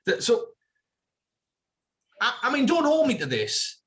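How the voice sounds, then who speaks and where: A man co-hosting a casual comedy podcast, playful and quick to laugh. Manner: playful, giggly, lively pitch swings. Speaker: podcast co-host.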